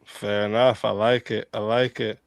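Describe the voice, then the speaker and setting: A man hosting a casual online group debate, briskly calling on each player in turn over a call mic. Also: on the low side, flat delivery, vocal fry, no echo. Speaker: host running the question round. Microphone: video call mic.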